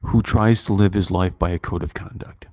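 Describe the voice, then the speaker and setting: A man in his fifties talks casually on a livestream, his voice sitting a little low and his nose stuffy from earlier crying. He wanders from thought to thought with plenty of ums and restarts. The sound is dry and close, with almost no room around it. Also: steady tone, normal speed, darkish tone, dry recording. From United States. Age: 50s. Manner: rambling, emotional, many fillers and restarts. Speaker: YouTube movie reviewer.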